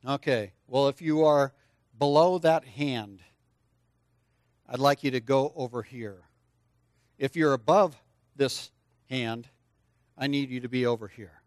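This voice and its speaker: Unhurried and pausing often, an older preacher with a mid-range voice leads children through a participatory church sermon, coaxing them to answer out loud. He's lively and talks directly to them; the studio recording is clean and dry.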